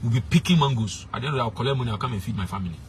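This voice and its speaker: A man's voice: medium pitch, animated, rapid-fire, a little hiss or hum. A young man, a street preacher giving blunt, emphatic advice and slipping into pidgin. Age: young adult.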